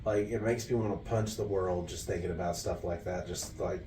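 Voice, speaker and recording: Speaking at normal speed in a low-pitched voice, a man co-hosting a podcast recounts a story in a casual, animated way, laughing as he goes. Slight background noise and a roomy echo come through, as the mic sits far off.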